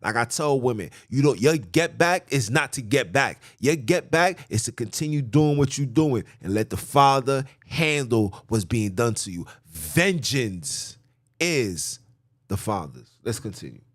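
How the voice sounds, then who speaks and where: A man's voice: mid-range voice, lively intonation, unhurried, no echo, clean studio sound. Emphatic man preaching from scripture. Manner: emphatic, repetitive, blunt and informal. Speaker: podcast host teaching scripture. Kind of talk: preaching, reading and explaining scripture.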